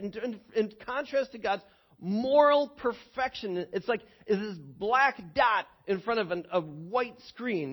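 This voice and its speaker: High-voiced, animated male preacher. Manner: animated storytelling with many repeated words. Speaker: pastor. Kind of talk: sermon. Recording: dull lo-fi recording.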